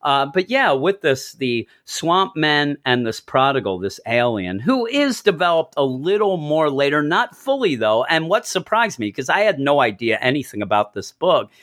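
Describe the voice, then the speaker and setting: Animated man chatting about comics. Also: normal speed, hardly any pauses. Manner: animated, acts out quoted lines in jumps of pitch. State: married. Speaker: podcast co-host reviewing comics. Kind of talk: casual comic book review chat.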